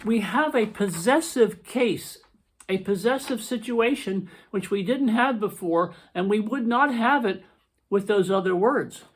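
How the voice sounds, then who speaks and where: A man's voice: high voice, breathy edge. Emphatic male grammar teacher. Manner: emphatic, repeats "okay?" to check understanding; reads sample sentences slowly and deliberately. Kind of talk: explaining over slides.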